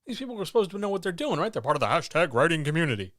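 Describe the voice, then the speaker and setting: A man gives a blunt, earnest pep talk on his stream and swears freely. His voice sits a little on the high side. The recording is dry and close, from a microphone at home. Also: very animated, very fast, a bit bright, no echo. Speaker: streamer host. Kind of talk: candid motivational monologue. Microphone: talking into a microphone.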